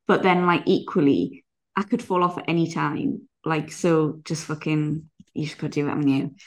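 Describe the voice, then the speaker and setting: A woman's voice: low voice, fairly even intonation, normal speed. A woman co-hosting a podcast, rambling through sweary anecdotes and acting out what people said. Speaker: podcast co-host. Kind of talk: casual chat.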